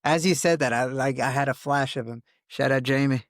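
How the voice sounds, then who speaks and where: A man's voice: mid-range voice, brisk, no room sound, clean studio sound. A young man hosting a podcast in a casual chat, laid-back and chatty, laughing often. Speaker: podcast host.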